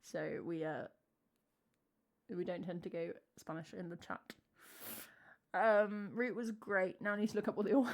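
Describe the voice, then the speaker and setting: A woman's voice: medium pitch, steady tone, measured pace, long pauses. A young woman, chatting casually with her live stream's chat, giggly and trailing off as she talks. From England. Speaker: streamer and singer-songwriter.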